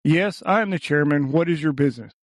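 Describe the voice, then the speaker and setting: A man's voice: on the high side, brisk, no echo, clean studio sound, natural voice. Man putting on a flustered chairman. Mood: perplexed. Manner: uncertain, hesitant. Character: flustered, perplexed male committee chairman. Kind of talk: audiobook reading.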